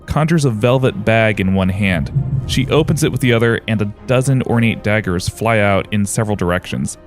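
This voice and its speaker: A man narrating as game master in a tabletop game, in a steady, descriptive storytelling manner. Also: lowish voice, brisk, soft background music.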